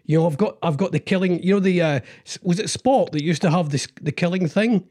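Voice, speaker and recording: A man telling rambling deadpan comic stories in a casual chat. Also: high voice, fairly quick.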